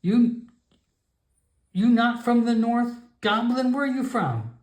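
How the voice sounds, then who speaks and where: A man's voice: very high voice, slow, a little mellow, voice pushed up. A man voicing a stern old female frog-folk shaman who scolds in broken, clipped speech. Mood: suspicious. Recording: echoey room.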